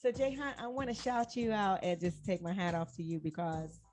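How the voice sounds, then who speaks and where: A woman hosting a casual music talk show, playful, laughing often and giving shout-outs to listeners. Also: mid-range voice, steady tone, moderate pace. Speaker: show host. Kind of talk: casual radio-style chat.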